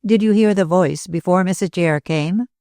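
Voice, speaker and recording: Storybook part: a wry, doubtful young man, read by a woman with a low voice. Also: moderate pace, warm tone, no echo, clean studio sound, lightly acted. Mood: skeptical. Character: skeptical young man, doubtful, a bit mocking.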